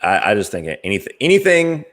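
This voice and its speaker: A very low, gravelly American man hosts a casual podcast chat. He rambles through his points with plenty of ums and uhs and laughs easily. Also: measured pace. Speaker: podcast host.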